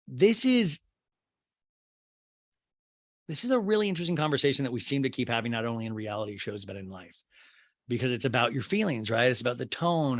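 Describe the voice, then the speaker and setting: Male comedy podcast host, rambling and profane, animated, dry studio sound. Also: mid-range voice, no room sound. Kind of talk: comedic reality-TV recap.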